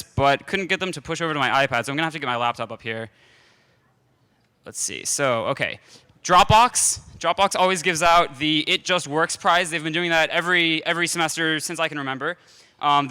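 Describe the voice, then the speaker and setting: A man emceeing an awards segment, brisk and businesslike. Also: a little high, sharp tone, clean tone, in a large hall. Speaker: event organizer and emcee.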